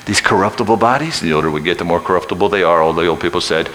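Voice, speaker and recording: A man in his sixties preaching a sermon, folksy and joking, swinging from shouting to hushed near-whispers. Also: deep voice, rapid-fire, a crowd in the background.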